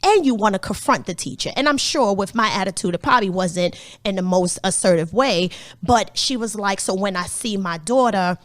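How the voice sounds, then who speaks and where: Candid, animated woman therapist in casual talk. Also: medium pitch, normal speed, hardly any pauses, dry recording, clean studio sound. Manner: candid, animated storytelling with swearing. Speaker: therapist and podcast co-host. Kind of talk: casual podcast conversation.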